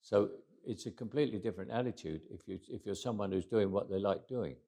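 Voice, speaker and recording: Older man, English accent, interview storytelling, dry humor, many restarts, lowish voice. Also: fast talker, vocal fry, dark tone. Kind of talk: reflective interview talk.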